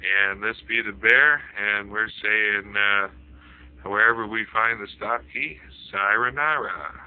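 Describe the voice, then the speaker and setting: A man's voice: fairly low pitch, slow, clear, resonant tone. Rambling man telling jokes, tinny sound. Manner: rambling, peppered with "you know". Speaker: storyteller. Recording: phone-like lo-fi audio.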